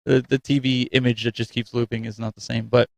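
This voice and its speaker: An animated male host chats casually and mocks himself, laughing often. His voice sits in a middle range and sounds close and dry. He says he is getting a cold. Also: medium pitch, fast talker, gravelly, no room sound. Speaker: show host. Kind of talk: casual live-stream chat.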